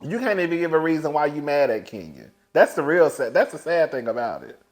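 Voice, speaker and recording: Sassy guy doing a reality tv recap, super lively voice, keeps saying girl, laughs a lot. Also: a little high, brisk. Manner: animated, laughing, big swings between loud and hushed; sassy, calls viewers "girl" constantly. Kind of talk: casual recap commentary.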